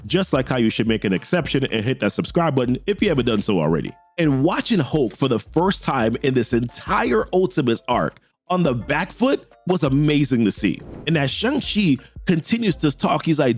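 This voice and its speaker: Animated man recapping a comic story. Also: mid-range voice, unhurried, faint music behind. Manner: animated storytelling, reading characters' lines in quotes with slang asides. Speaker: comic book recap host.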